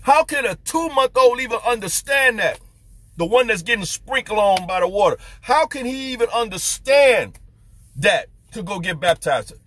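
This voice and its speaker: A man's voice: high-pitched, lively intonation, normal speed, a bit bright, a little hiss or hum. A man preaching as a street preacher, fervent and firing off rhetorical questions. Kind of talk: preaching to camera.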